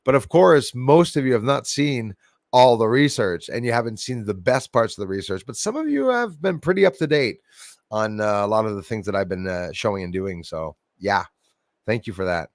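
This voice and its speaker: A man's voice: on the low side, animated, normal speed, dry recording. Chatty man on a dry mic. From Canada. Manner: chatty, rambling, laughs often. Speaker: livestream host. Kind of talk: casual chat reading viewer comments.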